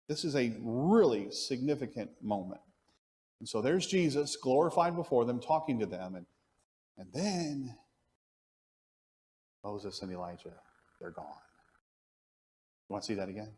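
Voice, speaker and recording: In a big-room sound, a man whose voice sits on the high side leads an adult church Bible class. He's animated and keeps putting questions to the class.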